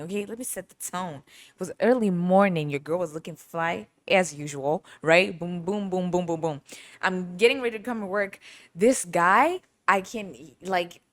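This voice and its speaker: A woman hosting her own podcast, telling a story in a chatty, animated way with lots of asides. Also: lowish voice, no room sound. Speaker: podcast host. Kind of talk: casual storytelling monologue.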